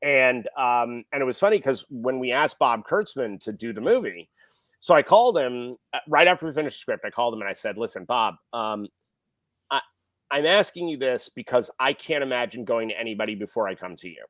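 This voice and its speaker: A man's voice: medium pitch, fairly quick, no echo. A middle-aged man, a film director and podcast guest, telling a story and acting out the people he quotes. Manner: animated, acts out quoted people. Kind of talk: casual storytelling.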